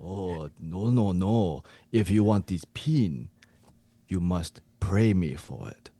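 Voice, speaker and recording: A man's voice: deep voice, animated, slow pace, dark tone, no room sound, exaggerated voice. A man voicing a stern old male sensei coach with grandiose, clipped, mock-formal speech. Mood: haughty.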